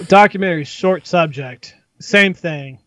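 A man's voice: on the high side, fairly bright tone, dry recording. A man co-hosting a casual movie podcast, giving opinionated, profane awards predictions. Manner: opinionated, rapid, swears freely.

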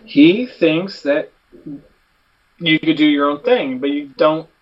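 A man's voice: a little high, slow. A man co-hosting a podcast, telling stories in a blunt, profane way. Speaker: podcast co-host. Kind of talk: casual chat, telling a story. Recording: distant, dull mic with faint noise.

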